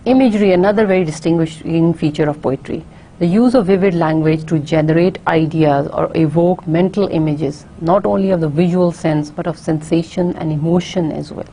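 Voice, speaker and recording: A woman giving a recorded university lecture, explaining carefully and often pausing on fillers and restarts. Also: low-pitched, warm tone, a little hiss or hum.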